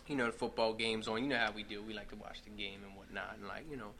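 A man's voice: fairly low pitch, little pitch movement, quick pace, sharp tone, slight background noise. A man giving a casual, personal share at a recovery meeting, swearing now and then and padding his talk with "like" and "you know.". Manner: casual, profane, full of fillers. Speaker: speaker sharing at a recovery meeting.

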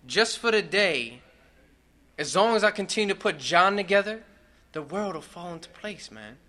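A man's voice: high-pitched, lively intonation, normal speed, bright, forceful tone. A man giving a casual, personal share at a recovery meeting, swearing now and then and padding his talk with "like" and "you know.". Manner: casual, profane, full of fillers. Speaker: speaker sharing at a recovery meeting.

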